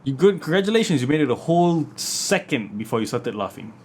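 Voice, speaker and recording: A man's voice: medium pitch, big pitch swings, soft background music. A man hosting a late-night podcast in a casual, joking, teasing way. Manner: joking, teasing, jumps between slow and rushed. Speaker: podcast host.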